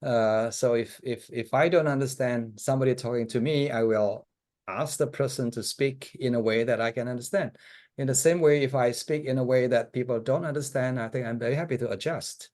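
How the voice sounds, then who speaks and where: Relaxed man on a video call. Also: mid-range voice, fairly quick. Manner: relaxed, frequent "yeah" and "you know", thinks aloud. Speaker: guest speaker on language teaching. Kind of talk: casual online discussion.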